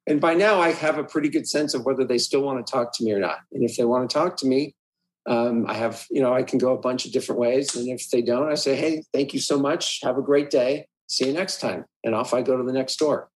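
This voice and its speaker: A man's voice: mid-range voice, quick pace, poor audio. A man, a realtor guest in an interview, animatedly acting out what he says at the door and laughing often. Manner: animated, acts out his door-knocking lines, laughs often. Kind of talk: casual interview storytelling.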